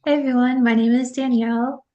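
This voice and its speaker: A woman's voice: fairly high pitch, level tone, brisk, mellow, muffled recording. A woman from California introducing herself on a video call, upbeat and rambling. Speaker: table read participant. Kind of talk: casual self-introduction.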